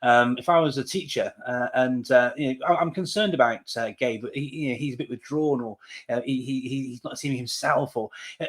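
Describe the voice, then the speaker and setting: A man's voice: medium pitch, fairly quick. A man hosting a podcast, asking a long question with many hesitations and restarts. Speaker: podcast host. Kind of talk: interview question.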